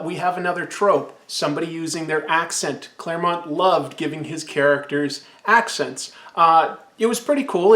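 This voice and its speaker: A man's voice: on the high side, a bit bright. Rambling man reviewing comics, echoey room. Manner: rambling, enthusiastic. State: sipping absinthe. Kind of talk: casual video review.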